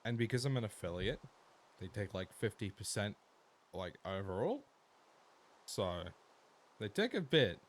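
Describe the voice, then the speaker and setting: An Australian man streaming a game, chatting casually with his viewers and swearing freely, swinging from low mumbles to sudden loud outbursts.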